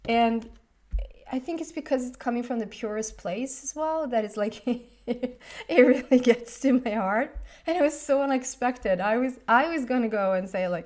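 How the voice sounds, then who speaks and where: A woman in her thirties giving a tarot reading in a casual, rambling monologue, emotional and quick to laugh. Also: a little high, a little mellow. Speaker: tarot reader.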